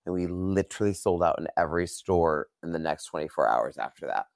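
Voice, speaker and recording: A man hosts a relaxed podcast chat in a very low voice, talking in an easy way with plenty of fillers. The recording is dry and close, with no room sound. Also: fairly quick, creaky, no room sound. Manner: easygoing, chatty, filler-heavy. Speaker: podcast host. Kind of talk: casual interview chat.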